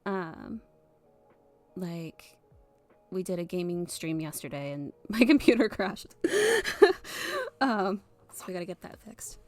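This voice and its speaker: A woman in her thirties from the US Midwest, chatting casually on a live stream in a soft, hesitant way with many fillers and giggles. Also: on the low side, slow pace, pauses often, faint music behind.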